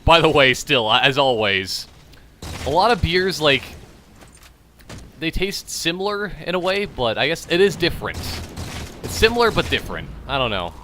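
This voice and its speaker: A man's voice: on the high side, sing-song, normal speed, sharp tone, slight background noise. A man hosting a gaming channel, rambling and joking about beer while he plays. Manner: rambling, jokey, self-mocking; frequent trailing restarts. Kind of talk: casual gameplay commentary while drinking beer.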